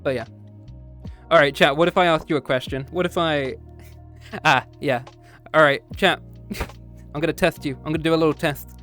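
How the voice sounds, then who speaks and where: A man's voice: on the high side, fairly even intonation, normal speed, pauses often, a bit bright, soft background music. A man streaming a casual chat with his viewers after a history lesson, playful and teasing, often slipping into meows and growls.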